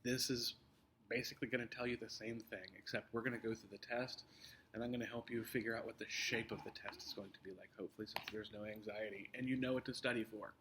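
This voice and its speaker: A man's voice: fairly low pitch, steady tone, fast talker, fairly bright tone, a little hiss or hum. A man teacher walking his students through an upcoming test, explaining patiently with many fillers and restarts. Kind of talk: recorded test review for students.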